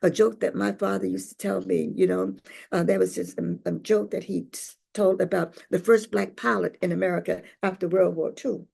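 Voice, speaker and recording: Older lady poet telling stories, really gravelly low mellow voice, rhythmic and playful. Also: fairly even intonation, normal speed. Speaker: poet and speaker. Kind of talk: poetry reading and storytelling talk.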